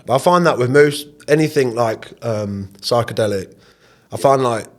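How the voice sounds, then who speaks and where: A man's voice: mid-range voice, moderate pace. A young man telling a story in casual podcast chat, acting out what people said and swearing freely. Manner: animated storyteller, acts out quotes, swears casually. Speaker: podcast host.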